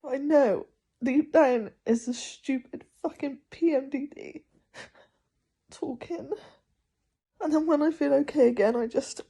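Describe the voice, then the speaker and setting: A young woman with a sore throat talking candidly into her video diary, halting and often hushed. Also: high-pitched, creaky. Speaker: vlogger.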